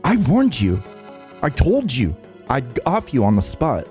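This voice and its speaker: A man's voice: medium pitch, big pitch swings, normal speed, warm tone, soft background music, lightly acted. A man voicing a hot-tempered young gunslinger girl who talks in a brash, snappy, cursing way. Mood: angry.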